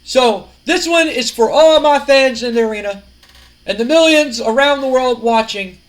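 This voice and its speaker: A man's voice: very high-pitched, normal speed, voice pushed up. A man voicing a cocky, boastful male pro wrestler who taunts his rival. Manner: smug, taunting, loud.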